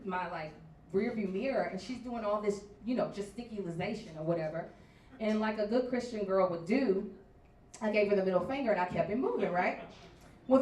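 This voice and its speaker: A woman performing a stand-up set, telling her stories in a brash, loud way with big swings in volume. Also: medium pitch, recorded from a distance, a little hiss or hum. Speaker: stand-up comedian. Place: bar comedy stage before a live crowd. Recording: echoey bar room recorded from afar.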